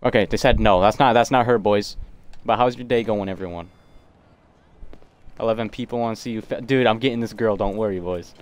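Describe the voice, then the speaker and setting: A man's voice: on the low side, fairly quick. A young man casually live-streaming a game, joking with chat and bantering playfully with in-game characters.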